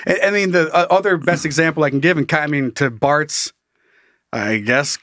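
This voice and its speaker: A young man chats on a podcast with a raised pitch, swearing casually and laughing through his points. His voice sits close and dry, with no room around it. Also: normal speed, a bit bright, no room sound. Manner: profane, laughing, riffs into mocking bits. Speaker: podcast co-host. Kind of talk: casual comedic chat.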